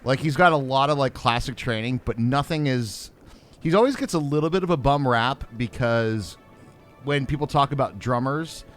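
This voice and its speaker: A man's voice: mid-range voice, moderate pace, faint music behind. A man co-hosting a gaming livestream, chatting casually in a rambling, jokey way. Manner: animated, rambling, jokey asides. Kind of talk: casual chat while playing.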